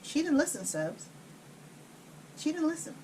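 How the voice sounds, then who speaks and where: A woman telling a story in casual chat while cooking at home, blunt and profane, with an animated, no-nonsense delivery. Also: high-pitched, a little slow, slight background noise. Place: home kitchen.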